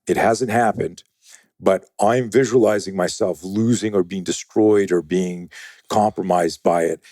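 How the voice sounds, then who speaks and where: A man being interviewed as a self-defense trainer, telling animated, profane stories and acting out other people's voices. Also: deep voice, measured pace, no room sound, studio quality. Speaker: guest, self-defense and fear-management trainer. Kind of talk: conversational storytelling in a podcast interview.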